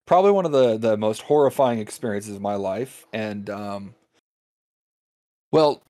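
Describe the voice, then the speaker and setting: Dude hosting a podcast, jokey banter, dry close sound. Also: male voice, fairly low pitch, a little slow, dark tone, no room sound. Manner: joking, playful banter. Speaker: podcast host. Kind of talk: casual chat.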